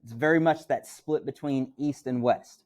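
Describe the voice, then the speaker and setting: Middle-aged male teacher from Missouri, mid-range voice, relaxed classroom lecture with "right?" check-ins. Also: mid-range voice, normal speed.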